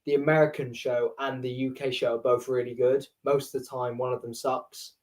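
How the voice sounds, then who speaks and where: A man's voice: mid-range voice, level tone, moderate pace, a little mellow. A young man, co-hosting a podcast in casual chat and rambling enthusiastically with lots of "like". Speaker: podcast co-host.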